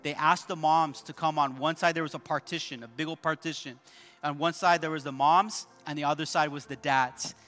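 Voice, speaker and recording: A man's voice: on the high side, steady tone, a little fast, fairly bright tone. A male pastor preaching a sermon at a church service, emphatic, repeating key points and calling out to the congregation.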